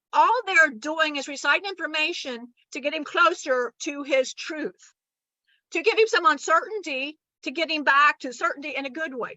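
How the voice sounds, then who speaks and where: A woman giving a channeled spiritual teaching, animated and blunt, with casual profanity and acted-out voices of others. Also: high-pitched, dry recording, poor audio.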